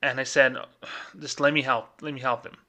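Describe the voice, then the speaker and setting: A man's voice: medium pitch, normal speed. A man, a podcast co-host, telling a story in a casual way and acting out the other people's lines as he goes. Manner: animated retelling that acts out quoted dialogue. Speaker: podcast co-host, former bank employee.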